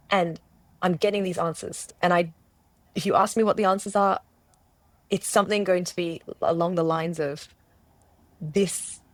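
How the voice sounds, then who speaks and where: Speaking at a fairly low pitch with no room sound, a woman from Australia recounts her own story to an interviewer. Her testimony is earnest and searching, full of restarts and self-quotes.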